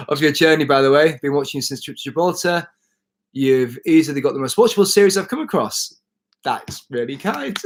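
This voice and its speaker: A man chatting casually on a live stream, showing his bike gear and answering viewer comments as he goes. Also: on the high side. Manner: chatty, self-correcting, reads out viewer comments. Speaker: cycle touring vlogger.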